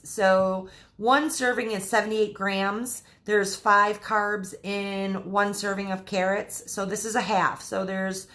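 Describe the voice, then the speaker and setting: A woman's voice: on the high side, a bit bright, roomy sound. A woman from Michigan hosting a casual live cooking stream from her home kitchen, chatting and greeting viewers by name as she cooks. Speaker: livestream cooking host.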